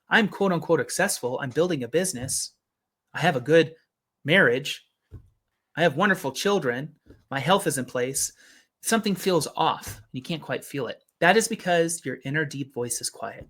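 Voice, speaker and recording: A man's voice: a little high, a bit bright. A man giving an earnest motivational talk as a business coach, often asking rhetorical questions.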